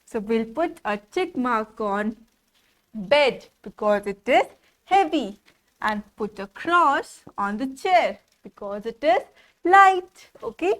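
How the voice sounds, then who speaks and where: A woman teaching small children, repeating words in a slow, sing-song way and asking them questions. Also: fairly high pitch, animated, a bit bright. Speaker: preschool teacher. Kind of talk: classroom lesson for small children.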